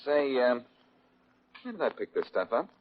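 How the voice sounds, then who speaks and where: A man's voice: medium pitch, big pitch swings, lightly acted. An actor playing a breezy, wisecracking male detective in a 1940s radio drama, old lo-fi recording. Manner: breezy, teasing, quick with quips. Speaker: detective lead. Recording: dull lo-fi old radio recording with faint hiss.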